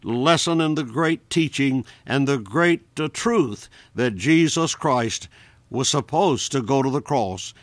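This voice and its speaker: A man's voice: mid-range voice, no echo. Earnest male preacher, dry close voice. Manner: earnest, direct address to listeners, King James quotations. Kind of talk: radio-style Bible exposition sermon.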